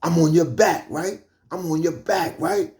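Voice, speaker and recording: A man voicing a harsh parole officer who yells and taunts over the phone, in a raised, higher voice. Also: measured pace, natural voice. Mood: stern. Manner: barking, repetitive, threatening. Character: harsh male parole officer, yelling, antagonizing.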